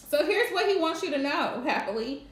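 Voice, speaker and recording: A woman's voice: high voice, echoey room. A woman giving a casual live-streamed tarot reading, blunt and emphatic, chatting with her viewers. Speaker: tarot card reader. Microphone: streaming setup.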